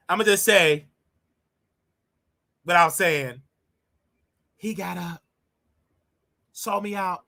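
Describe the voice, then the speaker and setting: A man with a sharply bright voice relives a painful family story as a host talking straight to his listeners. He is emotional and animated, circling back over his words as he goes. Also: sits high, takes it slowly, vocal fry, pauses often. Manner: emotional, animated, repeats himself. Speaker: show host. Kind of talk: personal storytelling monologue.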